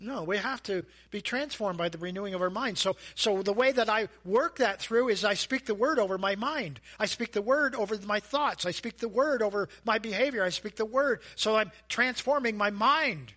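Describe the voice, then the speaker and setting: A man preaching a sermon as a pastor, animated and asking the congregation questions. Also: sits high, normal speed, hardly any pauses. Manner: animated, acts out voices and asides; asks the audience questions.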